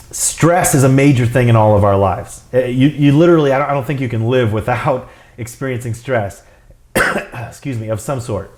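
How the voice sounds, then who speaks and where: A man's voice: mid-range voice, normal speed, darkish tone. Rambling, chuckling man vlogging. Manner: rambling, with many fillers and restarts; chuckles often while telling stories. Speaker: fitness and nutrition coach. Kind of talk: casual vlog talk.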